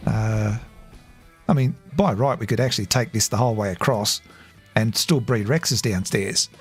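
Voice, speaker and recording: A man chatting casually while streaming a game, rambling and halting, with frequent chuckles. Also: on the low side, faint music behind. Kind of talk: casual live-stream chat.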